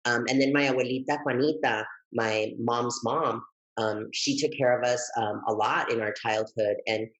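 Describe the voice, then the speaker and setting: A man guesting on an interview, telling his story in a lively, expressive way that jumps high when he gets excited. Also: normal speed, low-quality recording. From Texas, United States. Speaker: guest, educator and author.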